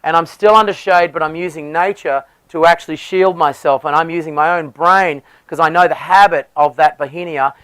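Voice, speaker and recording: A man's voice: on the high side, fairly even intonation, a little fast, hardly any pauses, fairly bright tone, smooth, dry recording, rough recording. A man, a landscape designer, explaining garden design with enthusiasm and often restarting his phrases.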